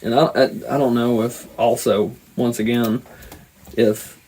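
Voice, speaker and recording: A man's voice: medium pitch, little pitch movement, unhurried, a little mellow, a little hiss or hum, rough recording. A man co-hosting a podcast in casual chat, rambling and reflective with many restarts. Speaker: podcast co-host.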